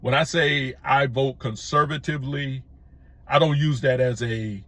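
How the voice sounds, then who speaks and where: A middle-aged man hosts his own YouTube channel, giving an emphatic opinion monologue full of repeated phrases and stammered false starts. His medium-pitched voice has a fairly bright tone, fairly even intonation and a measured pace. There's no room sound.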